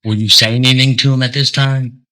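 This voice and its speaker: A man questioning a witness in court as defense attorney, with measured, probing questions. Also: medium pitch, fairly even intonation, sharp tone, low-quality recording.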